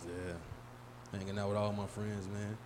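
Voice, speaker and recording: A man in his forties doing a live stand-up set, working the crowd loudly and acting out his friends in high, excited voices. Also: normal speed. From Chicago area. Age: 40s. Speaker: stand-up comedian. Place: small live venue. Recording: live room with long reverb and faint hum.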